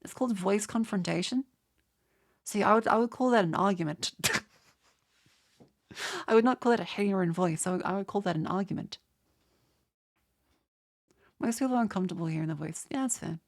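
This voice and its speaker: A woman's voice: mid-range voice, brisk, long pauses. A young woman with an Australian accent and a nasal voice, stuttering through a rambling casual chat with her viewers while getting over a cold. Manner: rambling with many restarts. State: has a cold. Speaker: streamer.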